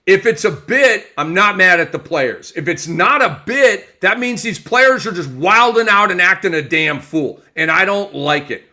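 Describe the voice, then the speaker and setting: A man's voice: high voice, animated, moderate pace, few pauses, bright, forceful tone. A man in his forties hosting a sports show, ranting emphatically about basketball. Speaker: host. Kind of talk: sports commentary rant.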